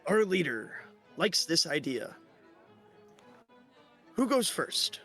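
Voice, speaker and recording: A stiff male leader who talks about himself in the third person, formal and stilted, as a game master puts him on. The voice sits a little high, with soft music behind it. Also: very animated, slow pace, exaggerated voice.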